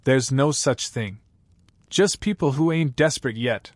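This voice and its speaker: A man voicing a wounded, grinning outlaw who talks in a calm, unhurried, taunting drawl, from a dry recording. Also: mid-range voice, no room sound, lightly acted. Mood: persuasive.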